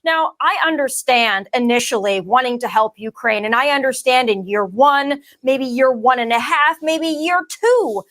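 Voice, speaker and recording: A woman's voice: high-pitched, moderate pace, hardly any pauses, fairly bright tone. A woman political commentator in a televised debate, firing off emphatic talking points over a remote video link.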